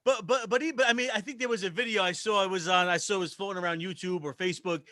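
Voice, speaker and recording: A man, a guest chef in a casual chat, talking quickly with many stammering restarts. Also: high voice, pushed and bright, dry recording. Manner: stammering restarts, talks fast.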